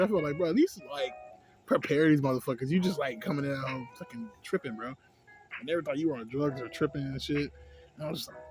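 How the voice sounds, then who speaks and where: A young man rambling casually and profanely into his phone about a movie, acting out scenes in a higher voice. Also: fast talker, over music, low-quality recording. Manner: loose, profane, rambling, acts out scenes in a high voice. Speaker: vlogger. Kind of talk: casual smoke-session movie review.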